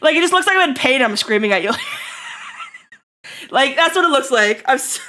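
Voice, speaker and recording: A woman streamer in casual live-stream chat, rambling and breaking into loud laughter, her throat getting tickly. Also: high voice, lively intonation, fast.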